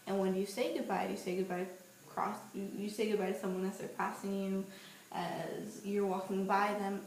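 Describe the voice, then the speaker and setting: A woman in her twenties telling stories in a casual, playful vlog, walking outdoors and holding her camera. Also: medium pitch. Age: 20s. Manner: chatty, animated, playful storytelling. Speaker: vlogger. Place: outdoors on a street at night. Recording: roomy echo with faint ambient noise.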